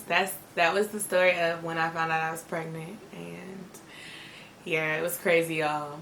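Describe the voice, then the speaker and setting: A young woman tells a personal story to the camera, candid and chatty. Her voice is bright and clear, a little low for a woman. The sound carries an echo from a room at home, with a faint hiss behind it. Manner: candid storytelling, speaks to viewers directly. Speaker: vlogger. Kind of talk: storytime vlog. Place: at home, indoors. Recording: echoey room with faint noise.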